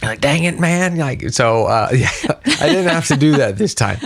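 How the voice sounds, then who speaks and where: A middle-aged podcast co-host tells a story in casual chat, animatedly acting out the voices of the people in it. His voice is fairly high and creaky, at normal speed.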